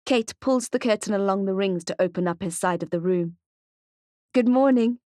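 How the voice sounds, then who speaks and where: Woman audiobook narrator, steady measured reading, mid pitch, dead dry studio mic. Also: dry recording. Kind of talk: scripted narration.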